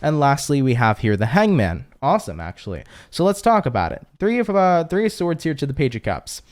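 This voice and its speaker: A man's voice: on the high side, big pitch swings, brisk. A young man giving a casual, reassuring tarot reading to camera, chatty and full of rhetorical questions. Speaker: tarot reader.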